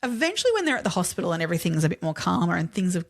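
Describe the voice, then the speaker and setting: A woman's voice: lowish voice, big pitch swings, racing. A woman co-hosting a podcast, telling a true-crime story in a casual, chatty way, full of "like" fillers and casual swearing. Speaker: podcast co-host.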